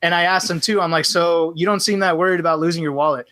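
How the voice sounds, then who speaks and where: Bright-voiced man telling a story. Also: a little high, fast, no echo. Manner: animated, acts out both sides of quoted dialogue. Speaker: podcast guest. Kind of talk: casual storytelling chat.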